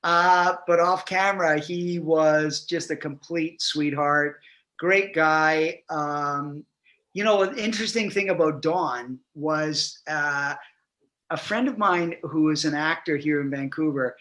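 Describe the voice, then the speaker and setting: High, bright-voiced man telling stories. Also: takes it slowly. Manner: animated anecdote-telling, laughs often. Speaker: actor guest. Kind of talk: casual interview storytelling.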